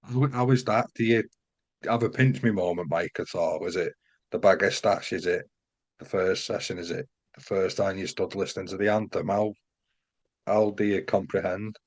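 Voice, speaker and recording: A man's voice: low-pitched, steady tone, normal speed. A man hosting a casual interview, chatty and matey, stringing several questions together. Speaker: podcast host.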